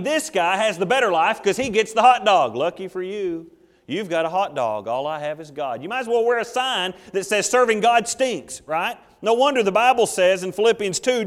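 A man's voice: high-pitched, moderate pace, big-room sound. A man preaching a sermon, telling stories with humor and acting out little scenes. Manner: animated, jokey storytelling with acted asides. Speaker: pastor.

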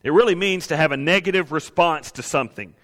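Bright-voiced preacher in a reverberant hall. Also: male voice, a little high, fast talker. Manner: conversational preaching, acts out quoted grumblers. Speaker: pastor. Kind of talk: sermon.

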